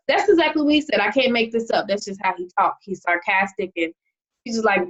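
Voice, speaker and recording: Over muffled video call audio, a young adult female marketing presenter talks fairly quickly in a fairly high voice with lively intonation. She keeps it casual and conversational, regularly asking "okay?".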